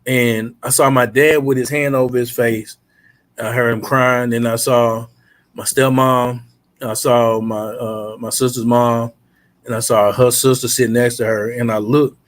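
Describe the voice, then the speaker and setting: A man, a podcast guest, earnestly recounting a painful personal memory in a steady voice. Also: medium pitch, unhurried. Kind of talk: personal storytelling.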